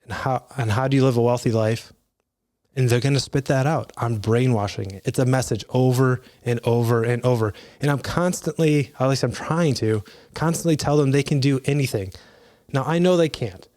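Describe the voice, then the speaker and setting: A man's voice: mid-range voice, moderate pace, darkish tone. A man in his thirties giving earnest, conversational advice to fathers, with restarts and asides. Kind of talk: casual motivational talk.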